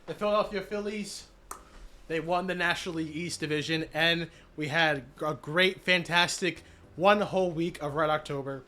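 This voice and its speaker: A man's voice: fairly high pitch, normal speed. Hype young-sounding male streamer. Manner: energetic, hype, lots of fillers and shout-outs. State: recovering from illness, voice cracking. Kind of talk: casual live-stream recap.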